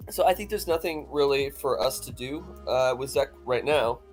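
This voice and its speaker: A man's voice: medium pitch, normal speed, soft background music. A man co-hosting, walking through chart analysis methodically in a casual tone. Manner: methodical, technical when reading charts. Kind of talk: casual chat and chart commentary.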